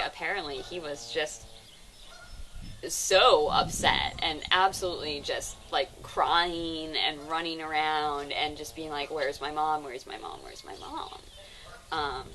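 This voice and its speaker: A woman's voice: deep voice, pushed and bright, a little hiss or hum. A young woman guiding a casual outdoor sanctuary tour, talking loosely with lots of "um" and "like". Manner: chatty, full of fillers like "um" and "like". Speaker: animal sanctuary tour guide. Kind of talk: casual chat on a live virtual tour.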